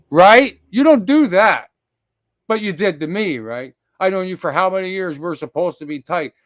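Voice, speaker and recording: A man hosting his own live stream, ranting heatedly, full of profanity, rambling with restarts and sudden loud outbursts as he calls people out. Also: on the high side, no echo.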